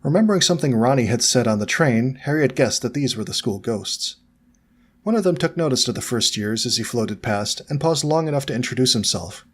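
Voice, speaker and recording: A man's voice: mid-range voice, lively intonation, brisk, slightly rough. Man narrating a storybook. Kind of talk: fan fiction audiobook reading.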